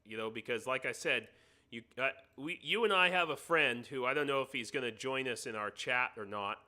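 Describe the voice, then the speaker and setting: On a live stream, an American host speaks through a computer mic, joking and chatting casually while he adjusts his sound setup. His medium-pitched voice comes across as pushed and bright.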